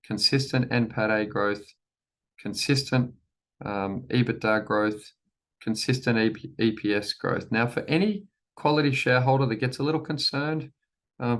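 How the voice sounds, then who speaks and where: A man leading a formal presentation to shareholders, measured and deliberate, repeating key phrases and often restarting sentences. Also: medium pitch, steady tone. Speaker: company chief executive presenting to shareholders.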